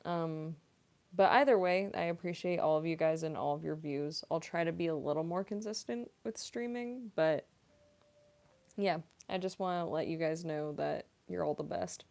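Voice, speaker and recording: A woman's voice: low-pitched, moderate pace, creaky, darkish tone. A young woman, a voice actress, chatting casually on a live stream, giggling often and cooing at her cat.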